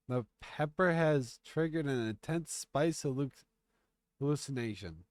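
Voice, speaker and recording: A man's voice: medium pitch, a little mellow. A man streaming, reading a text game aloud and reacting with jokes and curses. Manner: reads the story aloud and jokes and curses along.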